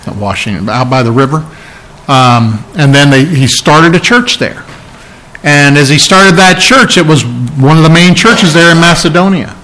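A man preaching a sermon as pastor, talking in a conversational way with restarts and fillers, reading and explaining Bible verses and rising in pitch for emphasis. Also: lively intonation, moderate pace, bright, forceful tone, slight background noise, rough recording.

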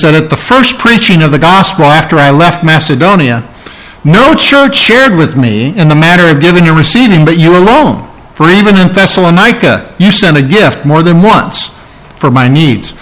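A man preaching from the pulpit in a fairly high voice. He talks in a conversational way, with restarts and fillers, and rises for emphasis when he reads and explains Bible verses. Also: a bit bright, rough recording. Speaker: pastor. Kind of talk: sermon.

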